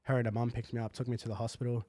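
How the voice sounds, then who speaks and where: A man's voice: medium pitch, little pitch movement, racing, dark tone, no room sound. Young man, dry close sound. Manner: casual slangy storytelling with many fillers. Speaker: guest. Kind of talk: candid podcast conversation.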